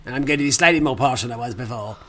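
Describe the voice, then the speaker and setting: A man's voice: mid-range voice, racing, bright, forceful tone, natural voice. A man putting on the ghost of an aging rock star from Liverpool, with a nasal Liverpool accent and an earnest, rambling manner. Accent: put-on Liverpool accent. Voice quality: nasal, drifting toward an old posh actor.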